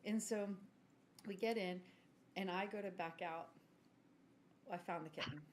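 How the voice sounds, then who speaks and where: A woman, telling a story in casual podcast chat, self-mocking and clearing her throat now and then. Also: fairly low pitch, unhurried, a little hiss or hum. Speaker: podcast co-host.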